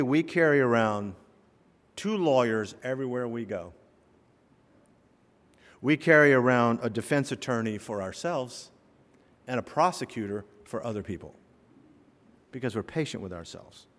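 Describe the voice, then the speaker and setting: A man pastor preaching a sermon, telling stories and acting out the people in them, swinging between loud and soft. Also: medium pitch. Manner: animated storyteller, voices characters, swings loud and soft. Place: church sanctuary. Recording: long reverb of a hall.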